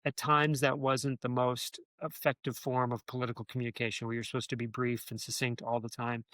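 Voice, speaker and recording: Male guest in a casual interview, rambling storyteller, mid pitch, dry close-miked sound. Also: little pitch movement, a little fast, a bit bright, dry recording. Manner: rambling, many restarts and "you know" fillers. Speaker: guest, former speechwriter.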